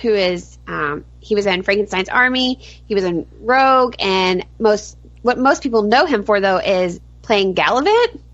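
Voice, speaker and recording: A woman co-hosting a podcast, bubbly and giggly, gushing with animated energy. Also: medium pitch, a little slow, few pauses, no room sound. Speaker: podcast co-host. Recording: dull lo-fi audio.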